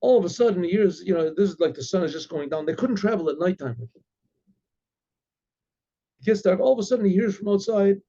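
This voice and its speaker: Rabbi storyteller, high husky voice, dull lo-fi recording. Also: male voice. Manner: animated, halting with restarts. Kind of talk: oral storytelling.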